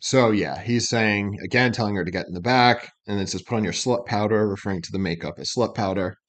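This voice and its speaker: Low-voiced man breaking down song lyrics. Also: quick pace, fairly bright tone. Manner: explains line by line, frequent throat-clearing. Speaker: reaction video host.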